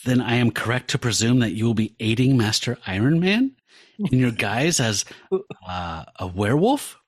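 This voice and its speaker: A man's voice: mid-range voice, very animated, moderate pace, no echo, clean studio sound. A man reading a formal, courteous butler. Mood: polite. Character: polite older male butler.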